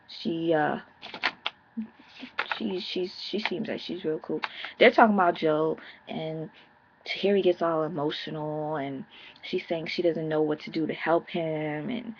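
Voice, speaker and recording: Sassy, husky-voiced woman recapping reality TV. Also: deep voice, measured pace, muffled recording. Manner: blunt, sassy and profane. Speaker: TV reality show reviewer. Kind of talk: casual vlog recap.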